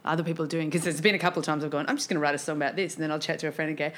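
A woman's voice: low voice, fairly even intonation, rapid-fire, hardly any pauses, fairly bright tone. A woman hosting a podcast, chatting easily and laughing often. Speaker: podcast host. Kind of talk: casual chat.

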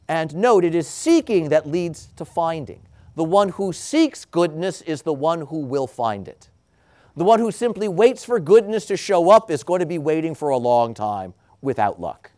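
In a slow and deliberate homily, a male priest alternates between emphatic crescendos and hushed, softly spoken endings.

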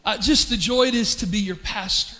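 A man's voice: high voice, brisk, sharp tone, big-room sound. A man, a pastor delivering a heartfelt, emotional sermon to his church. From East Tennessee, US. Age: 40s. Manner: emotional, heartfelt, with frequent restarts. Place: large church hall.

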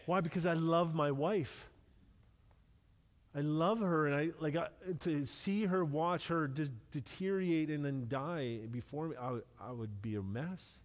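A middle-aged man preaching a sermon in a relaxed, conversational way, with light self-deprecating humor and words repeated when he stresses a point. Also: a little high, measured pace. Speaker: pastor. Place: church sanctuary with long reverb. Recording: long hall reverb.

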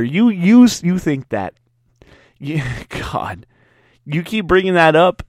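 A young man from Louisiana hosts a solo sports podcast, ranting sarcastically and getting worked up. His voice sits at an ordinary middle pitch. The recording is close and dry with no room sound. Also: no echo. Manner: sarcastic, mocking, riled up. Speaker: podcast host.

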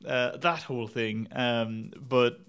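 A man's voice: medium pitch, steady tone, takes it slowly, fairly bright tone, smooth. A man reviewing films in casual chat, rambling and wry, laughing at his own jokes and swearing now and then. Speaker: podcast film reviewer.

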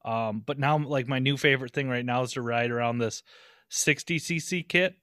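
A man's voice: medium pitch, moderate pace, fairly bright tone, clean tone, no room sound, clean studio sound. A man in casual chat, laid-back and swearing casually.

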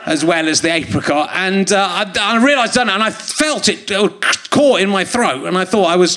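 A man's voice: high-pitched, bright, forceful tone. A middle-aged man hosting a live comedy podcast on a theatre stage, rambling and self-mocking, full of fillers and restarts. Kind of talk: stand-up style live podcast monologue. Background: audience laughter.

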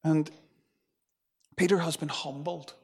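Slow and husky, with a slightly high, steady voice, another man preaches in a conversational way. He stumbles through fillers and restarts and dramatizes the quotes.

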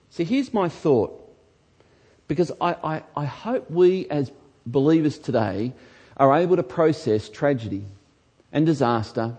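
A man who is a pastor, delivering an emphatic sermon in a church and rising to shouts on key lines. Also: medium pitch.

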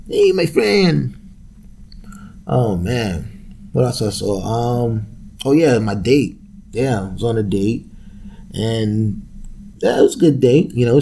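A man's voice: on the low side, vocal fry, dark tone, slight background noise. A man hosting a solo podcast, talking in a loose, profane, rambling way and laughing often. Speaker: podcast host. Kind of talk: casual solo podcast rant.

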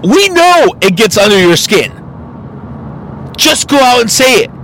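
A man's voice: extremely high pitch, big pitch swings, unhurried, a bit bright, slight background noise, low-quality recording. A man hosting a podcast, delivering a blunt, profane opinion monologue. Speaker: podcast host.

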